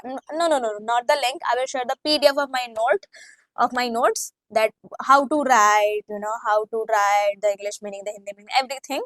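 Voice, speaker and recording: A woman's voice: on the high side, a little fast, a bit bright, rough recording. A woman presenting a casual tutorial vlog as an English learning host, reassuring her viewers and often correcting herself mid-sentence. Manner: spells out words and demonstrates pronunciation.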